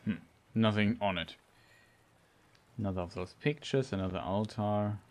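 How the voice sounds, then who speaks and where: A man's voice: lowish voice, normal speed, darkish tone. A man streaming a game, giving casual, hesitant commentary as he plays. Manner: thinking aloud, hesitant with fillers.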